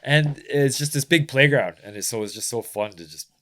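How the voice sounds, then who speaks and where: A man from rural Ontario, a podcast guest telling animated, rambling stories in casual chat. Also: mid-range voice, normal speed, slight background noise. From rural Ontario, Canada. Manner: animated storyteller, rambling with restarts. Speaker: podcast guest, bike mechanic.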